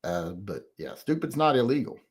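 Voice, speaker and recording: A man's voice: mid-range voice, big pitch swings, normal speed, slightly rough. A middle-aged man hosting a casual livestream chat, rambling and profane as he reads out comments and grumbles defensively about critics. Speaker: host.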